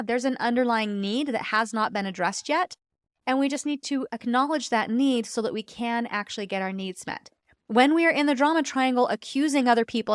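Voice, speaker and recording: A woman's voice: a little high, no room sound, studio quality. A woman hosting a personal-growth podcast, telling a personal story in an earnest, reflective way with light laughs. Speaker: podcast host.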